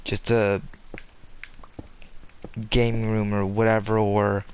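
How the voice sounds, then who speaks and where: A man's voice: on the low side, flat delivery, takes it slowly, darkish tone, slight background noise. A young man chatting casually while playing a game, rambling and restarting his sentences often with lots of fillers. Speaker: gaming commentator. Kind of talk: casual gameplay commentary.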